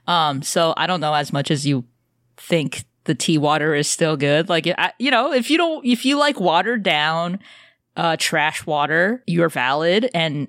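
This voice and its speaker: A woman co-hosting a podcast in casual chat, animated, swearing and laughing often. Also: fairly low pitch, no echo, clean studio sound. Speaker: podcast co-host.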